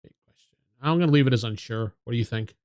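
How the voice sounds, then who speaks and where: A man's voice: mid-range voice, quick pace, a little mellow, dry recording. A man playing a tabletop game with a friend, thinking aloud as he works out rulings. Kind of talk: casual tabletop game play.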